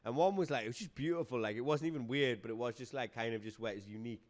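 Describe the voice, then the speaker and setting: A young man talks fast and animatedly on a comedy podcast, tumbling from one gig story to the next. He swears freely and keeps an easy, mid-pitched voice. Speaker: guest comedian. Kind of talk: casual podcast chat.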